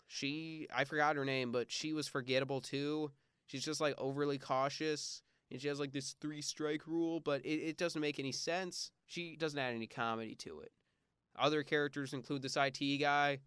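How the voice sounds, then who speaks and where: Young man with a smooth voice reviewing a film. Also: fairly high pitch, a bit bright, no echo, clean studio sound. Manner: blunt and dismissive, with frequent filler words. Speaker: podcast host. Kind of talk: casual movie review.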